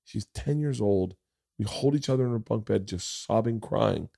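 Gravelly deep-voiced man, blunt and profane. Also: moderate pace, dark tone, no room sound, clean studio sound. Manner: blunt, profane, emotional storyteller. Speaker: podcast host. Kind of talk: casual storytelling conversation.

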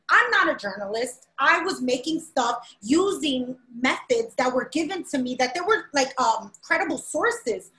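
A woman's voice: high-pitched, reverberant, rough recording. A woman co-hosting a podcast in casual chat, chatty and rambling. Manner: chatty, rambling with fillers, animated. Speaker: podcast co-host.

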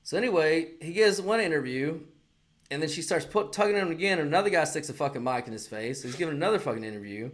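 A man chats casually on a podcast, a touch higher in pitch than most men. He tells stories in an animated, profane way and slips into other people's voices to quote them. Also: quick pace. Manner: animated storyteller, heavy swearing, acts out quotes. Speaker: podcast co-host. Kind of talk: casual chat.

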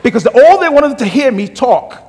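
A middle-aged man from Africa, a pastor preaching a sermon with humorous, animated storytelling. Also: very high voice, moderate pace. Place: church sanctuary. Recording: long church hall reverb.

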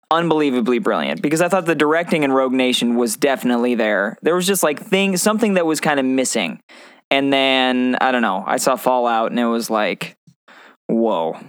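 A man with a smooth, clean voice recorded close and dry. He talks about films in a loose, jokey way, often trailing off mid-thought. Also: mid-range voice, lively intonation, normal speed, no echo. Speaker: podcast co-host. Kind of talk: casual movie chat.

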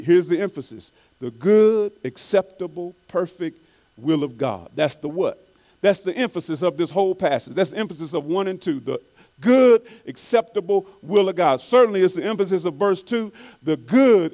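High-voiced male preacher. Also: a little mellow. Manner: repeats key phrases for emphasis, reads quotes slowly; stumbles and restarts often. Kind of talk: sermon.

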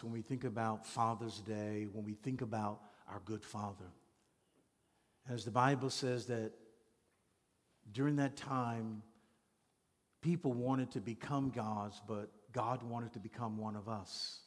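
A male pastor delivering a sermon in slow, deliberate phrases, leaning hard on repeated words. His voice carries a long reverb from a large hall. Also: mid-range voice. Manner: emphatic, repetitive preaching cadence.

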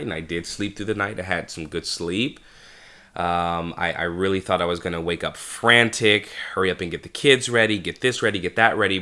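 Vlogging dad, thirties, stuffy nasal voice, bright and forward tone, chatty and reflective, recorded at home. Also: male voice, deep voice. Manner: chatty, self-reflective, many restarts. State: congested, nasal. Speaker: vlogger, father. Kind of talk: casual vlog talk.

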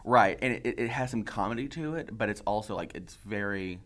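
Man, very deep voice, casual, hesitant wording, explains at length. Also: brisk, a bit bright. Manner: searching for words, explanatory. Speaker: podcast co-host. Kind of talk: casual chat.

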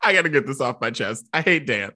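A man's voice: medium pitch, animated, fast, sharp tone. A man hosting a casual podcast chat, ranting in an exasperated way. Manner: exasperated ranting, laughs often. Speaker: podcast host.

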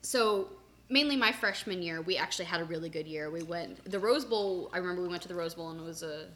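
A young woman with a bright, clear voice chats casually as a podcast co-host. She rambles a little and laughs easily. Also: fairly low pitch, slight background noise. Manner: chatty, rambling, quick to laugh. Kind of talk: casual chat.

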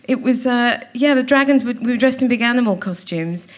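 A woman's voice: a little high, brisk. A woman from Wales, a comedian guest telling stories on a theatre stage in a dry, self-mocking way. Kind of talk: live comedy interview. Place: theatre stage before a live audience.

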